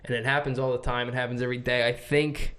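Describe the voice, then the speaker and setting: A young man from the United States, co-hosting a podcast in casual chat, rambling and swearing as he tells animated stories. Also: mid-range voice, quick pace. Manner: rambling, profane, animated storytelling. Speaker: podcast co-host.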